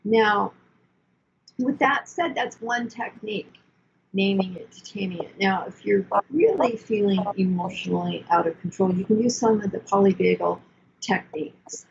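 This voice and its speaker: An older woman therapist explaining emotional self-care in an earnest, coaching way, with gentle self-soothing asides. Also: medium pitch, normal speed, vocal fry. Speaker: therapist guest. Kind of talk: explanatory podcast talk. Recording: dull lo-fi sound with faint noise.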